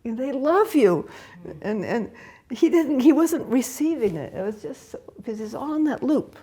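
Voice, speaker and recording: A woman's voice: high voice, expressive, normal speed, mellow, slightly rough. An older woman Zen teacher giving a candid, laughing, conversational dharma talk and answering questions. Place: meditation hall.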